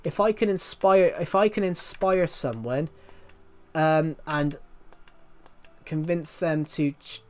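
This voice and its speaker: A man in his twenties from Southwest England talks casually on a livestream and answers his chat as he goes. His voice sits a little high, and he rambles with plenty of ums and false starts. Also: slow pace, pauses often. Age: 20s. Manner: rambling, many ums and restarts.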